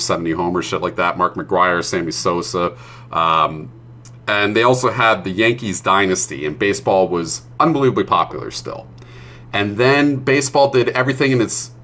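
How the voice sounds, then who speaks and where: A man's voice: fairly low pitch, sharp tone. A male streamer chatting casually while he plays, ranting with plenty of swearing. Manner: profane, ranting.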